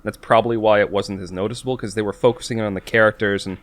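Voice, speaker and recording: A man co-hosting a podcast, talking casually in a rambling, self-interrupting way with quick laughs. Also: on the low side, steady tone. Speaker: podcast co-host. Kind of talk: casual chat.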